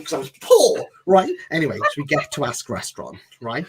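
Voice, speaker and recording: Speaking quickly with few pauses, a man with a mid-range voice spins a rambling, funny story on a podcast. He's animated and casual, performing the quoted lines of each character.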